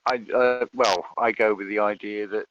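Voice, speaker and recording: A man's voice: fairly low pitch, fairly even intonation, moderate pace, a bit bright, no room sound, lo-fi sound. A man in casual conversation as a guest, hesitant, often repeating words as he starts a thought.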